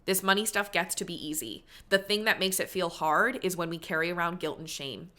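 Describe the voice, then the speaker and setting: Bright-voiced woman coaching podcast host. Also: on the low side, a little fast, hardly any pauses. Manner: earnest, encouraging, coaching tone. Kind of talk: solo motivational podcast monologue.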